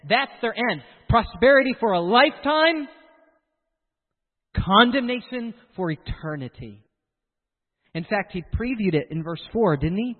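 A man preaching a sermon in an animated way, acting out the voices of the people he quotes. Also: high voice, unhurried, pauses often, big-room sound, narrow, tinny audio.

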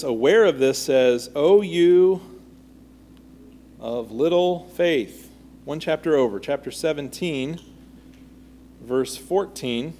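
A man's voice: medium pitch, a little mellow. A man teaching a Bible study in a conversational way, reading scripture aloud and then asking the group questions.

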